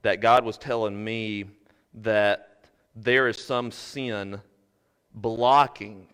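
A man preaching a sermon as pastor, swinging from shouted fervor to quiet earnest talk. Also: on the low side, fairly even intonation, drawn-out words, smooth. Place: church sanctuary. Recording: preached in a reverberant hall.

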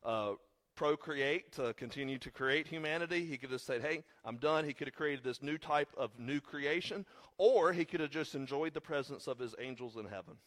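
A man's voice: mid-range voice, moderate pace, a bit bright. A congested man with a slight cough, preaching a sermon as pastor with earnest, rising emphasis on key points.

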